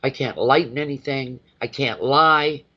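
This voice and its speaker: This tarot reader, medium-pitched and in no hurry, runs a live-stream reading and effusively, emotionally addresses his viewers by name. It's captured with dull lo-fi sound.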